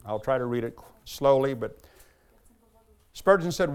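A man preaching a sermon as pastor, earnest and emphatic, slowing down and lifting his voice to stress key lines. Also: mid-range voice, lively intonation, clean tone. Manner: earnest, emphatic preaching, slows and lifts voice when reading aloud.

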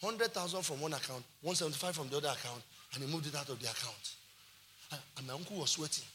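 A Nigerian man preaching a sermon as pastor, animated, dropping into Yoruba phrases and shouting for emphasis. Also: a little high, fast, background noise.

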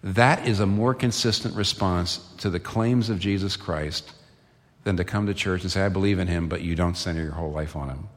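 A man with a fairly low voice preaches earnestly, building from quiet explanation to emphatic peaks. His sermon rings out with a long reverb trailing off the walls of a church hall. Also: a little fast. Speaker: pastor.

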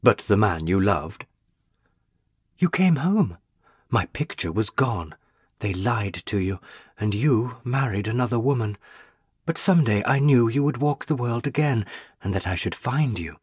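A man voicing a young female ghost, a burned witch, speaking in a pleading, tender and intense way with a husky voice. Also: medium pitch, lively intonation, measured pace, darkish tone, no room sound, clean studio sound.

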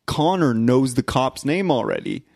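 A man at a middling pitch tells favourite movie scenes with gleeful enthusiasm, swearing and laughing along. He talks casually, the way friends do. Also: huge pitch swings, normal speed, vocal fry, noisy background. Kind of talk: casual movie review chat.

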